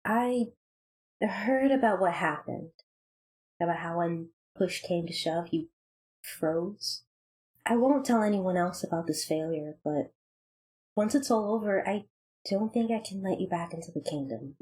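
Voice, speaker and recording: Woman playing a quiet, grave young queen in a tabletop game, low voice with lively pitch, cold with disappointment. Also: measured pace, poor audio. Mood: grave sorrow.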